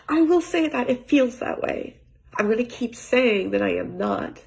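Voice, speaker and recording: A woman talking through her feelings in a rambling personal monologue at home, often dropping to a near-whisper, with halting restarts and light laughs. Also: a little high, lively intonation, creaky. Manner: soft-spoken, often trailing into near-whispers. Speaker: vlogger. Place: home with cats.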